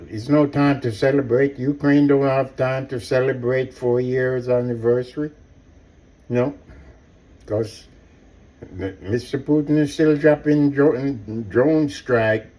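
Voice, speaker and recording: A man delivers an impassioned personal monologue at an unhurried pace, his voice mellow and dark. He circles back on his points and calls out directly to his listeners. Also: fairly low pitch. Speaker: commentator.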